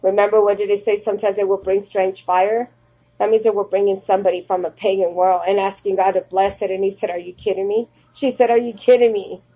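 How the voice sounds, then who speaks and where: Mellow-voiced woman reading scripture. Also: medium pitch, level tone, fast talker, low-quality recording. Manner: reads archaic verses then breaks into plain personal asides. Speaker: Bible teacher.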